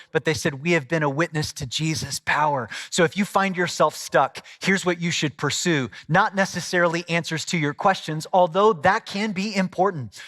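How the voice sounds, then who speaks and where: A man's voice: sits high, a bit bright. A middle-aged man from Southwest Missouri, a pastor preaching a sermon in a conversational, storytelling way with asides. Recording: long hall reverb.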